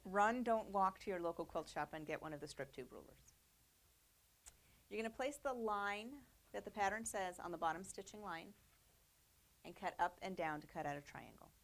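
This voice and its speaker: The quilting instructor here has a fairly low, expressive voice with a fairly bright tone and moderate pace. Her casual studio demo is chatty and upbeat, dotted with fillers and light laughter.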